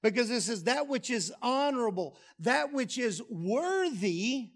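A man preaching a sermon, lively and humorous, dropping low and soft on key phrases. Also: a little slow. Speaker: pastor. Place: church sanctuary.

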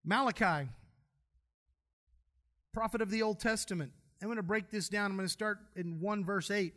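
Bright high-voiced preacher. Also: male voice, moderate pace. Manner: folksy, humorous storytelling preacher. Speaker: pastor. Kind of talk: sermon.

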